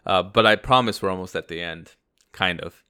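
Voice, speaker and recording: A man's voice: low voice, normal speed, pushed and bright, clear, resonant tone. A man co-hosting a podcast, telling a long personal story in a rambling, casual way. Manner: rambling anecdote with acted-out quotes. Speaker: podcast co-host.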